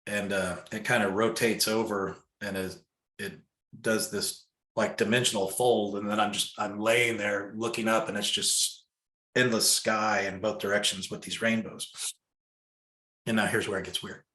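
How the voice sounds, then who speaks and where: A man's voice: fairly low pitch, level tone, moderate pace, sharp tone. A man telling a personal story in a casual fireside chat, loose and conversational with lots of fillers. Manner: loose, conversational, full of fillers and acted-out quotes. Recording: echoey room.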